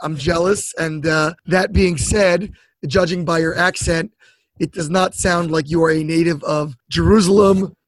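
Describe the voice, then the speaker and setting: High-voiced, husky interview host. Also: male voice, fairly even intonation, measured pace, no echo. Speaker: podcast host. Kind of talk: interview podcast.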